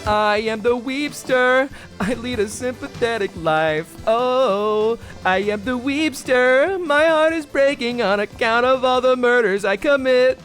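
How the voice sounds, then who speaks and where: Brief: a man playing a weepy, melodramatic murderer-popstar, high and sobbing, louder than his own voice. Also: measured pace, soft background music. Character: weeping self-pitying male killer pop singer. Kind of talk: game character voice while streaming.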